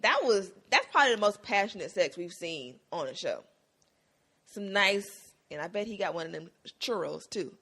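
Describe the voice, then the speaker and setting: Female podcast co-host, lively pitch, slangy, laughing storyteller. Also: moderate pace, slightly rough. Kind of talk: casual TV recap chat.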